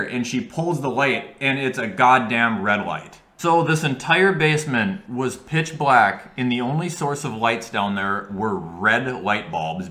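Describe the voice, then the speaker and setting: A young man vlogging while he plays a game, telling an animated, profane story. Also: mid-range voice. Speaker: gaming vlogger. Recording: echoey room.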